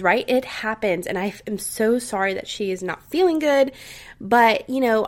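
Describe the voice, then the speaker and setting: A woman hosting a podcast, giving casual, upbeat advice to her listeners and often checking in with tag questions. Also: mid-range voice. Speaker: podcast host.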